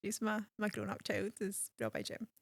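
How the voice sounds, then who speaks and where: A woman hosting a podcast while being interviewed, chatting casually and telling stories in lively slang. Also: mid-range voice, moderate pace, gravelly, no echo, studio quality. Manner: chatty, animated storytelling with slang. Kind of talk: casual chat.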